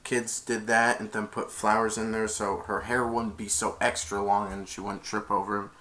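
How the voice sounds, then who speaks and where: A man's voice: fairly low pitch, level tone, moderate pace, pushed and bright. A man casually retelling a movie, rambling with many restarts. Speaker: movie reviewer.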